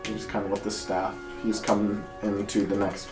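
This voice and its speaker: A man running a tabletop role-playing game as game master, narrating scenes in a relaxed, loose way, recorded in an echoey room with music in the background. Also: lowish voice, moderate pace.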